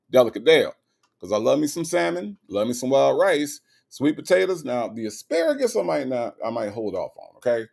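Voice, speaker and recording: A man's voice: mid-range voice, very animated, fairly quick, vocal fry, a little mellow. A man hosting a casual livestream, reading chat comments aloud in a playful, sassy, teasing way.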